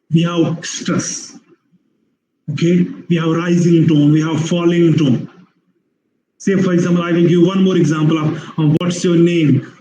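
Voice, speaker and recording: Indian English lecturer, high bright-edged voice. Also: male voice, echoey room, slight background noise, poor audio. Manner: repetitive, explanatory, many fillers and restarts. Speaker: university lecturer. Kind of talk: online webinar lecture.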